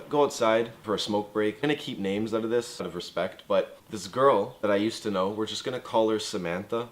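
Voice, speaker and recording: A man in his twenties telling a casual storytime tale, loose, profane and sarcastic. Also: lowish voice.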